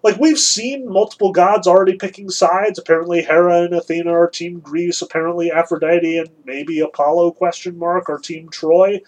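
High-voiced, wry male lecturer. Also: steady tone, normal speed, few pauses, a little mellow, low-quality recording. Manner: conversational, emphatic, wry asides. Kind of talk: casual lecture on a classic text.

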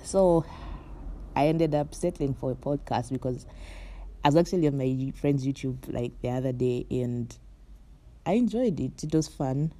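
A young Moroccan podcast host speaks at normal speed in a rumbling low, warm voice, recording her casual solo show from bed. Chatty and meandering, she fills her talk with "like," "you know," and light laughs.

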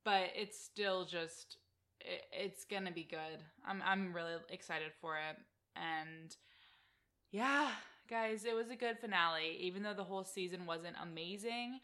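A young woman talks in a quick, chatty way, full of "like" and excited asides. Her voice sits a little low for a woman but sounds bright and forward. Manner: chatty, lots of "like", enthusiastic. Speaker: podcast co-host. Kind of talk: casual chat about a reality show.

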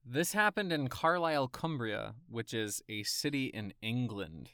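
A man co-hosting a casual podcast. His voice is smooth and resonant, and his pitch swings widely as he reacts playfully to the news he reads out. The close mic gives a dry sound with no room echo. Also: a little slow. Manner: animated, playful, reads quotes aloud. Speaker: podcast co-host.

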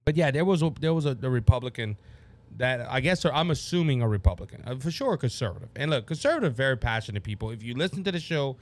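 A man's voice: mid-range voice, lively intonation, fast talker. A man with a Louisiana accent hosting a political talk show, passionate and worked up, often stumbling and repeating words. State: worked up and sweating. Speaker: podcast host.

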